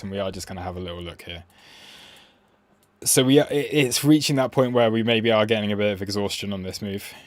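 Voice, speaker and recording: A man's voice: on the low side, darkish tone, dry recording. Chatty man hosting a stream. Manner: chatty and self-mocking, with frequent fillers. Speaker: crypto trading live stream host. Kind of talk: casual live-stream commentary.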